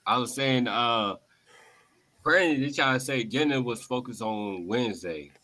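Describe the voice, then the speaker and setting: A man's voice: medium pitch, moderate pace, sharp tone. A man talking in a loose, rambling, slangy way in casual podcast chat.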